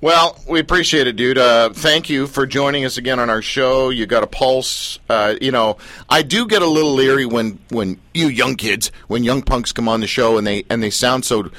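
A man's voice: mid-range voice, normal speed, fairly bright tone, no room sound. A male radio show host interviewing a guest in a joking, teasing way, laughing often.

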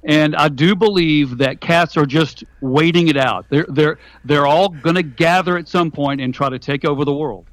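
Guest author, male, light-pitched, dry sound, folksy joker. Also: moderate pace, hardly any pauses, dry recording. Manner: jokey, folksy storyteller. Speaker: author being interviewed. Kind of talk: radio interview.

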